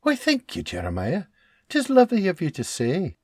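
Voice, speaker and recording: Guy doing a high gushy young mum, husky edge, all over the place. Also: wildly swooping pitch, normal speed, no room sound, studio quality, full character voice. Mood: gushing. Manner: exclamatory, gushing. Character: young woman, mother of a newborn, warm and excitable.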